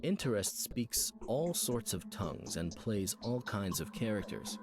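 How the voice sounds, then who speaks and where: A man voicing a cryptic, detached male voice-over in a video game, speaking slowly in a low, hushed voice. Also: very animated.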